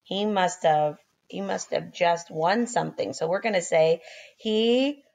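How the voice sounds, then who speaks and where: A woman teaching young children phonics, sounding out letters slowly and praising them, a little sleepy and yawning. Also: fairly low pitch, creaky, darkish tone.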